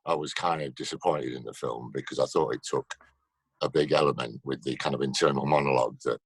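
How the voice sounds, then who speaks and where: A man's voice: very deep voice, fairly bright tone, husky, no echo. A man telling stories in a casual interview over a video call, laughing often. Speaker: actor guest.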